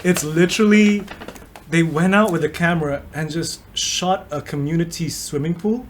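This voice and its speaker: A man's voice: a little high, normal speed, slight background noise. A man co-hosting a podcast in a casual chat, laid-back, swearing and laughing often. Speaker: podcast co-host.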